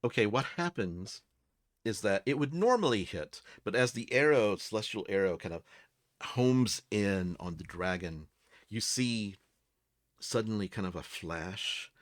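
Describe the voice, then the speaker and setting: A man narrating a tabletop role-playing game as game master, describing scenes in a slow, hesitant way. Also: lowish voice, lively intonation.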